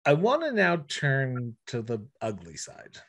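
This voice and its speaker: A man hosting a podcast, asking earnest, halting interview questions. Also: mid-range voice, wildly swooping pitch, a bit bright. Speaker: podcast host.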